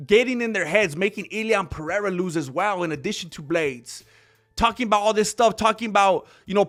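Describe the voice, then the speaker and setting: An excitable young man delivers a casual commentary monologue, breaking into laughter and acting out other people's lines. His voice sits high for a man and sounds bright and forward. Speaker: MMA commentary host.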